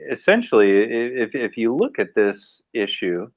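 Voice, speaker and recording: An American man speaking as a panelist in a casual live discussion, animated and acting out little scenarios as he talks. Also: mid-range voice, a little slow, dry recording. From United States. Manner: animated, acts out mock scenarios, laughs. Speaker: AMA panelist. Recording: tinny phone-like line, dry.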